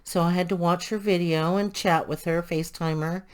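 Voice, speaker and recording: A woman's voice: lowish voice, steady tone, moderate pace, clean tone. An older woman chatting casually and thinking aloud as she works through a craft tutorial. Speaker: crafting channel host.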